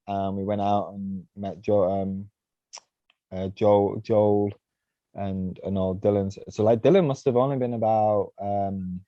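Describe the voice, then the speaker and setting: A man spins a loose, rambling story as a podcast guest, forever tossing in "you know" and "right?". His voice is dark and mellow, and it sits close and dry on a slightly dull, lo-fi recording. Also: lowish voice, no room sound. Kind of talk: casual storytelling.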